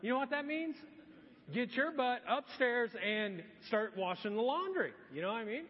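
A man's voice: very high voice, animated, normal speed, big-room sound, highs cut off. A man preaching a sermon as a pastor, in a casual, joking storytelling manner.

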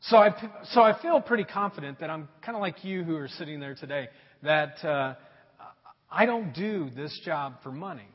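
A man's voice: fairly high pitch, lively intonation, moderate pace, breathy edge, big-room sound, dull audio. A male pastor giving a conversational sermon, with jokes and stories woven in. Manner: conversational, joking storyteller.

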